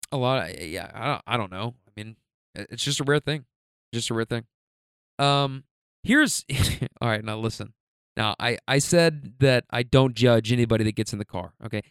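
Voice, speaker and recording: Young man with smooth, clear voice. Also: medium pitch, dry recording, studio quality. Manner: animated, laughing, slangy, frequent restarts. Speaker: rideshare driver telling stories. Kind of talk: casual storytelling monologue.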